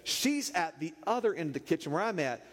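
A man preaching, telling a funny story in an animated, playful way. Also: a little high, fairly quick. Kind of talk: humorous sermon storytelling. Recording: echoey hall reverb.

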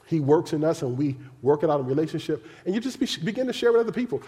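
A male pastor preaching a sermon in a colloquial, animated way, acting out the voices of the people he talks about. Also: a little high, quick pace, few pauses. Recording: long hall reverb.

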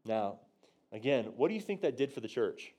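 Lively man telling a church story. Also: normal speed, breathy edge. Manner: animated storyteller, acts out his own quotes with big jumps in pitch and volume; drops low and quiet for tender moments. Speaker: guest teacher on prophecy. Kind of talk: storytelling sermon.

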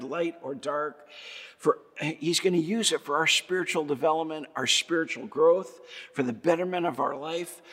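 A man's voice: fairly high pitch, a bit bright, slightly rough. A man preaching a sermon as pastor, building emphasis through repeated phrases and rhetorical questions. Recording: long hall reverb.

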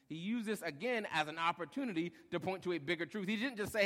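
A young adult male pastor preaching a sermon, lively, acting out short quotes and joking with the congregation. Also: high voice, quick pace. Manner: animated, acts out short quotes, jokes with congregation. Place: church hall. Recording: long hall reverb.

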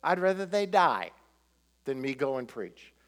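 A man's voice: medium pitch, sing-song, unhurried, fairly bright tone. A man voicing a resentful male prophet who mutters his refusals sullenly. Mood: grudging.

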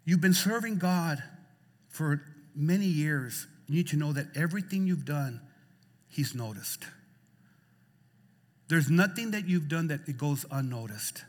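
A male pastor preaching a sermon in a church, repeating phrases and swinging between loud, stirring lines and soft ones. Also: on the high side, measured pace, long pauses. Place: church sanctuary. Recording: church hall reverb.

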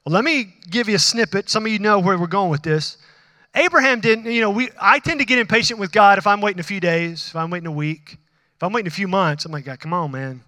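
A pastor delivers a sermon in a high, bright voice, talking casually with the congregation and putting questions to them. He acts out conversations with God in sudden animated bursts. His voice sits close and dry on the mic, with a long reverb tail from a large hall behind it. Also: fast.

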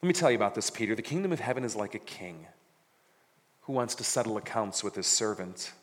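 A man's voice: on the low side, fast talker. A man preaching a sermon, reading scripture dramatically and adding casual jokes. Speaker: pastor. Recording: reverberant hall.

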